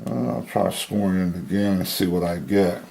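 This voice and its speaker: A man's voice: deep voice, creaky, slight background noise. A man giving a casual hands-on tutorial, thinking aloud as he cuts and pins. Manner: slow, relaxed, thinking aloud while cutting and pinning. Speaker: handbag-making instructor.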